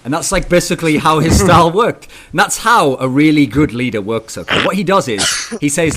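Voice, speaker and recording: A man hosting an esports talk show, animated and teasing as he presses his guest. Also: a little high, brisk, few pauses. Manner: animated, teasing, mock-dramatic. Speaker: podcast host.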